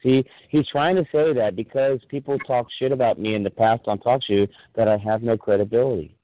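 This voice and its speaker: A man with a mid-range voice and a steady tone talks fairly quickly over a tinny, dry phone line. During a heated phone chat he rants angrily in his own defense, swearing heavily throughout.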